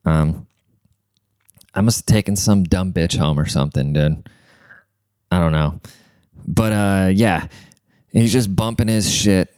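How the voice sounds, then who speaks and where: A man's voice: low voice, a little slow, pauses often, a little mellow, clear, resonant tone, dry recording. A young man telling rambling, profane stories in a laid-back, slangy way, like a podcast host chatting casually. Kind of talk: casual storytelling rant.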